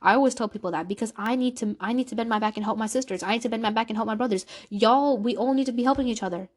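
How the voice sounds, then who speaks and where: A woman's voice: fairly high pitch, very fast. A woman vlogger sharing an emotional personal faith story, earnest, repeating phrases for emphasis. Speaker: Islamic vlogger.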